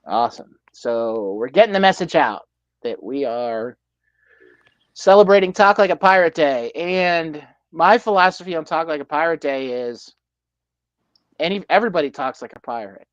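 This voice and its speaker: An American man co-hosting a casual livestream, speaking haltingly with many fillers and restarts. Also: fairly high pitch, expressive, dry recording, muffled recording. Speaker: livestream co-host.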